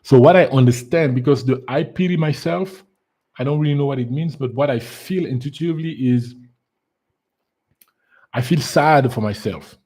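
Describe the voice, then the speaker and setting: A man's voice: medium pitch, moderate pace, darkish tone, slightly rough. A man talking as a spiritual life coach on a casual solo livestream, earnest, repeating words for emphasis, with fillers. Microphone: solo live stream setup.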